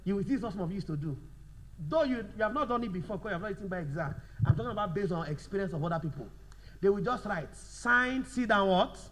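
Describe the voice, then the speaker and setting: High-voiced man quizzing his law class. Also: animated, slight background noise. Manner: repetitive, quizzing the class with fill-in questions; slows down to dictate notes. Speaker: law school lecturer. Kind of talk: classroom revision lecture.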